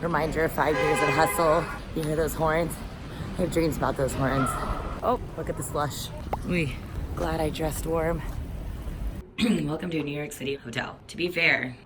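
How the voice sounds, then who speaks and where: A woman's voice: sits low, background noise. A young woman vlogging in a casual, candid, chatty way, often laughing between sentences. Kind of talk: casual vlog chat.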